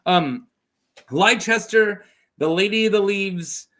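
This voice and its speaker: A man's voice: high-pitched, takes it slowly, a bit bright. A man hosting a casual lore recap, rambling and correcting himself as he goes. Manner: rambling, self-correcting, laughs often. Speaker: lore video host.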